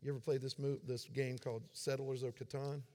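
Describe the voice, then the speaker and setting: A man's voice: mid-range voice, little pitch movement, brisk, warm tone. A man in his forties giving a sermon as a pastor, conversational and self-deprecating in his humor. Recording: long hall reverb.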